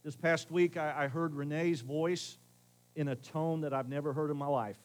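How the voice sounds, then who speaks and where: Middle-aged male pastor, slightly high voice, conversational sermon, swings from loud to hushed. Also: fairly even intonation, moderate pace, rough recording. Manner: conversational preaching, shifts between loud emphasis and hushed asides.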